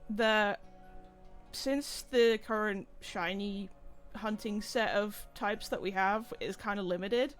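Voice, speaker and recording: A man's voice: high voice, steady tone, slow, fairly bright tone, faint music behind. A man co-hosting a game stream, talking in a rambling, easygoing way full of fillers. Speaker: co-host streamer. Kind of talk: casual gameplay chat.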